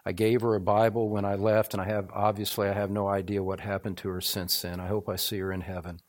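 A man's voice: lowish voice, flat delivery, fast. A middle-aged man preaching a sermon as pastor, earnest and building to fervent, repetitive emphasis.

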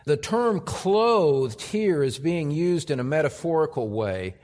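Slow emphatic male preacher in a hall. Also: fairly high pitch, darkish tone. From United States. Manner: emphatic, deliberate, repeats key phrases. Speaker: pastor. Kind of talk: expository sermon. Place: church sanctuary.

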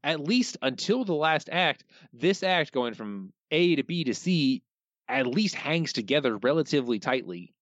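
In a casual podcast discussion, a male co-host picks apart an episode with dry sarcasm, speaking at normal speed in a slightly high, somewhat bright voice with big pitch swings. The sound is dull, lo-fi and dry, with no room tone.

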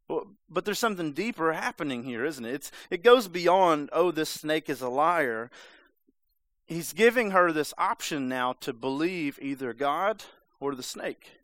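A man's voice: a little high, animated, moderate pace, fairly bright tone, dry recording. A man preaching a sermon in a conversational, emphatic way, sometimes acting out voices. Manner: conversational, emphatic, acts out the serpent's lines.

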